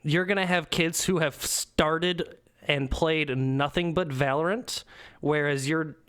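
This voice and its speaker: A man's voice: on the high side, fairly even intonation, slow pace, fairly bright tone, clean tone. A man co-hosting a casual gaming podcast, rambling with lots of fillers and casual swearing. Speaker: podcast co-host.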